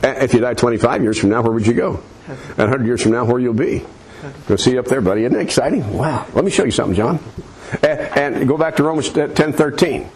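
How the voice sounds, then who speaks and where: A man's voice: medium pitch, fast, darkish tone. A man preaching, leading a listener through a prayer in an earnest, coaxing, repetitive way. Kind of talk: soul-winning demonstration.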